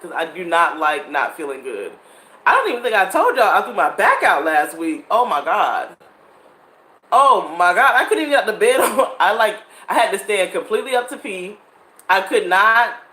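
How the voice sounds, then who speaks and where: A woman's voice: fairly low pitch, sharp tone. A woman, chatting casually and animatedly with her viewers and laughing often. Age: 30s. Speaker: vlogger. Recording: echoey room with faint ambience.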